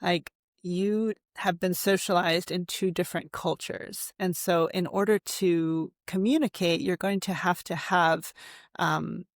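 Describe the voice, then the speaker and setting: A woman therapist guest explains, dotting her talk with "right?" and little fillers. Her voice has a gritty, creaky texture. The sound is close and dry. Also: lowish voice, measured pace, no room sound. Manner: animated, uses fillers and rhetorical questions. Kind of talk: conversational explaining.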